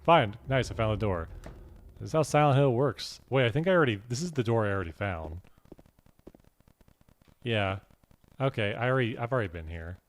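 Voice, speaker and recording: A man's voice: medium pitch, expressive, a little fast, pauses often. A young man streaming a horror game, chatting casually and rambling with many fillers and restarts. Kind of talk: casual gaming commentary.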